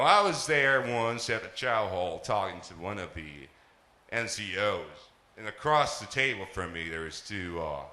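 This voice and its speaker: A male stand-up comedian from Palestine, telling stories on a live stage in an animated, profane way. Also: on the low side. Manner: animated, profane, laughing through his lines. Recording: echoey live venue.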